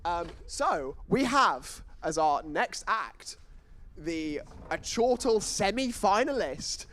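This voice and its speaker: A man's voice: high voice, sing-song, slow pace, fairly bright tone, a little hiss or hum. A young man compering a student stand-up show, rambling, teasing and mocking himself. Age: young adult. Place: student comedy stage before a live audience.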